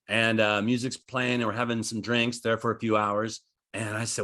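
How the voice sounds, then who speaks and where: A man's voice: lowish voice, steady tone, fairly quick, pushed and bright. A young American man doing a stand-up routine on a virtual comedy show, rambling and self-deprecating, laughing at his own jokes. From United States.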